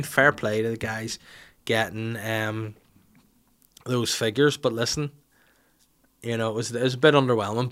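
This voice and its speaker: A young man hosts a podcast in a loose, rambling way, full of cheeky asides and casual swearing. His voice sits at an ordinary male pitch. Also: fairly bright tone. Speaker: podcast host. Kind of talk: casual chat.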